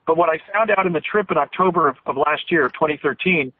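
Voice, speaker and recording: A man's voice: on the high side, fast talker, dry recording. A man in his fifties, an interview guest telling a long story in an earnest, rambling way with many restarts, heard over a phone line. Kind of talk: earnest storytelling on a call-in radio show. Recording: tinny phone line, dry.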